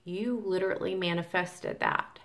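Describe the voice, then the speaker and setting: A woman vlogs informally about manifestation, speaking to camera in a rambling way with frequent ums and restarts. She voices the grumbling complaints of weary workers. Her voice is lowish, a bit bright and steady in tone, and her pace is moderate.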